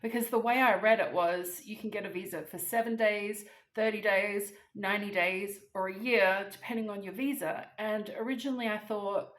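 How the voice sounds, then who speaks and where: A woman vlogger telling a story in a chatty, animated way, a bit teary and emotional. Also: medium pitch, normal speed, hardly any pauses. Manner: chatty, animated, laughs, acts out phone calls. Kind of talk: casual storytelling to camera. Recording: echoey room.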